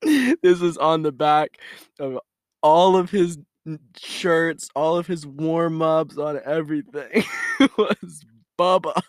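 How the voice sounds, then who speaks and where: Young man, giggly co-teller, unhurried slightly high voice, dry close mic. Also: no echo. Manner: giggly, laughs hard, chimes in. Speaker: co-storyteller. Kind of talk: casual chat.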